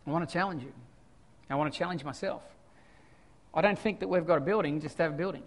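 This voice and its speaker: A male pastor preaching a sermon, swinging from quiet scripture reading to loud animated asides. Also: a little high, quick pace, big-room sound.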